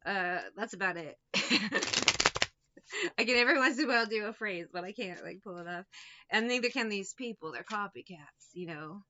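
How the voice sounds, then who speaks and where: A woman's voice: medium pitch, moderate pace, bright, forceful tone, highs cut off. A woman giving a casual tarot reading, talking bluntly with lots of swearing and mockery. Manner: profane, blunt and mocking. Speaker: tarot reader.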